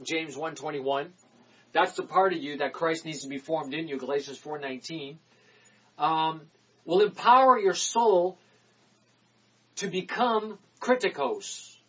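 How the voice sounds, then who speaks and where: Emphatic preacher man, husky and lo-fi. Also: a little high. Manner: emphatic, repeats phrases, swings from loud declarations to quick asides. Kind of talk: sermon.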